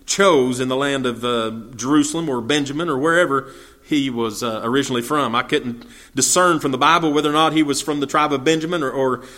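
A man's voice: medium pitch, brisk, pushed and bright. A man teaching a verse-by-verse Bible study. He reads the scripture aloud and then explains it in plain, folksy talk with fillers and restarts.

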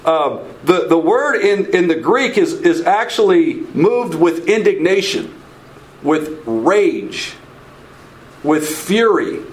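High-voiced man teaching a Bible study. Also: sing-song, slow, low-quality recording. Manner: informal, repeats words, checks in with "okay?"; asks the audience questions.

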